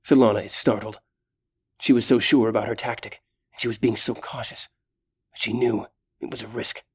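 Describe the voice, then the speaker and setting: A man reading a fantasy audiobook in steady, dramatic narration. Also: on the low side, normal speed, slightly rough.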